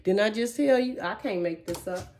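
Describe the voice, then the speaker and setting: A woman's voice: medium pitch, moderate pace, darkish tone, slight background noise. A woman giving a casual tarot reading, chatty and emphatic, talking straight to her viewers. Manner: emphatic, chatty, emotional, addresses viewers directly. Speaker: tarot reader.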